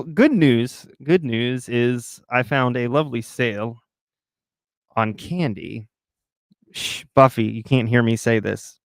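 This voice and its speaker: Smooth-voiced man chatting on a home stream. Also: mid-range voice, dry recording, studio quality. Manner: chatty, joking, rambling asides. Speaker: live-stream host. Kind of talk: casual chat with live chat viewers. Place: at home in a recliner.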